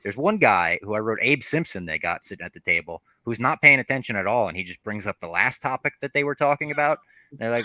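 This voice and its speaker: A man recapping an episode on a podcast, his voice low yet strikingly bright and sharp. He tells it with a dry, wry tone. The sound is close and dead-dry. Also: animated, fairly quick, no room sound. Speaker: podcast co-host. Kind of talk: casual recap narration.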